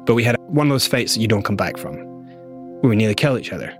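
A man's voice: fairly low pitch, quick pace, soft background music. Man recounting his story animatedly. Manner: animated storyteller, acting out quotes. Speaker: guest. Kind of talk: telling his story in an interview.

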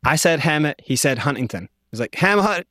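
Man telling a lively story. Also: medium pitch, a little fast, breathy edge, no room sound, clean studio sound. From Scotland. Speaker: interview guest. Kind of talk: storytelling in a conversational interview.

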